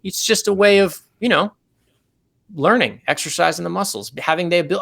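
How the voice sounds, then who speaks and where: A man, a guest saxophonist in an interview, telling animated anecdotes and explaining technical ideas step by step in a relaxed way. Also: sits high, fairly quick, creaky.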